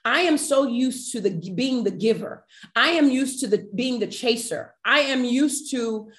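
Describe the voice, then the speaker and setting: A woman guest on a podcast, telling a personal faith story in an animated, emotional way and addressing listeners directly. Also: fairly high pitch, a little slow. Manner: animated, emotional, acts out quoted voices.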